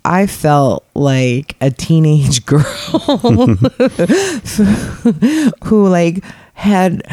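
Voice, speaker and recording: Sex: woman. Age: 40s. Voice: mellow, dry close mic. Style: laughing, chatty storytelling. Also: low-pitched, very slow, no room sound. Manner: laughing often, heavy filler "like", lively quoted voices. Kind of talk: casual storytelling chat.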